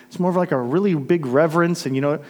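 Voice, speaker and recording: A middle-aged man from Florida preaching a sermon, telling stories earnestly and swinging from emphatic lines to hushed asides. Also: fairly high pitch, fast talker. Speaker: pastor.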